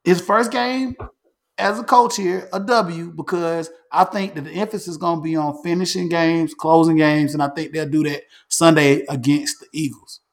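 Guy hosting a sports show, kinda high pitched, talks animated, says things twice. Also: moderate pace. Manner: animated, repeats words and restarts often. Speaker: podcast host. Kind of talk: casual sports talk.

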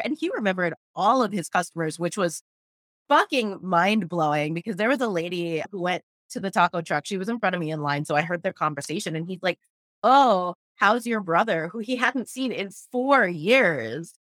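A woman chatting casually as a podcast host, animated and swearing freely, with lots of "like" fillers. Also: medium pitch, normal speed, no room sound, studio quality. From Los Angeles area. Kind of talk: casual chat.

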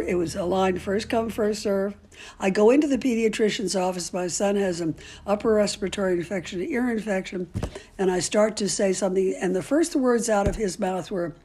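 A woman's voice: mid-range voice, dark tone, husky. An older woman, a great-grandmother, speaking as an interviewee in a candid, outspoken way, telling stories with frequent ums and restarts. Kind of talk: casual storytelling.

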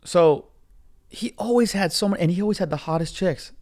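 A young man hosting a podcast, telling a profane, animated story in a ranting casual monologue. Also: high voice, a little fast. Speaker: podcast host.

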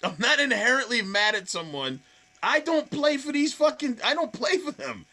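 A man's voice: extremely high pitch, expressive, normal speed, bright, forceful tone. A man from the Boston area with a Boston accent, a stand-up comedian telling stories in casual podcast chat, swearing freely. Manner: swearing, storytelling, acts out quoted voices.

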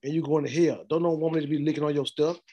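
High-pitched middle-aged guy preaching, blunt and loose, laughs a lot. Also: fairly even intonation, rapid-fire, dark tone, husky, muffled recording. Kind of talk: street sermon.

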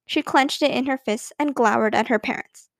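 A woman narrating a children's story in an expressive reading voice. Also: on the high side, normal speed, creaky, no room sound, studio quality. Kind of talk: scripted narration.

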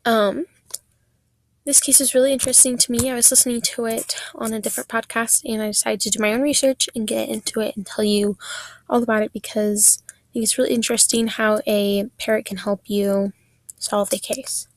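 A woman's voice: fairly high pitch, fairly even intonation, fairly quick, poor audio. Chatty fourteen-year-old girl podcaster. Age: teens. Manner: chatty, with many fillers and restarts. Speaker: podcast host. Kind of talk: casual true-crime podcast narration.

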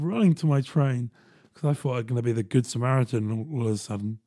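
A man hosting a podcast, telling a story in a chatty, animated way and jumping into quick voiced asides. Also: medium pitch, dry recording, clean studio sound. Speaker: podcast host. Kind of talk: casual storytelling monologue.

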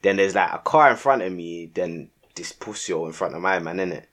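A young man, telling a story in casual podcast chat and acting out his own shouted lines with lots of slang. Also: low-pitched, a little fast. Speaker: podcast co-host.

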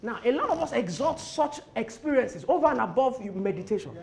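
A man preaching with a very high, gravelly voice that rides up and down with great animation. He drops to quiet murmurs one moment and breaks into impassioned shouts the next as he reads and explains scripture. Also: big pitch swings, a little fast, hardly any pauses, slight background noise. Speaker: pastor. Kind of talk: sermon.

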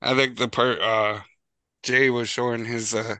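A man's voice: mid-range voice, little pitch movement, measured pace, pushed and bright, clean tone, dry recording. A man co-hosting a casual movie podcast, laughing often and hesitating with fillers. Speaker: podcast co-host.

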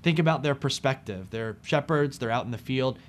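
A man preaching a sermon, speaking expressively and with emphasis, dropping soft on key phrases. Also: mid-range voice, normal speed, slight background noise.

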